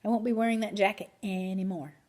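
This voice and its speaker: Woman doing an excited schoolboy. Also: medium pitch, fast, lightly acted. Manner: loud, excited. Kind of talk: storybook read-aloud.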